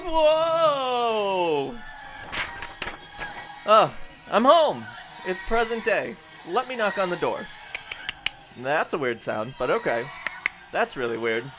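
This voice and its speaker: A man playing a goofy, chatty, cheerful time-travelling character in a comedy web series. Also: fairly high pitch.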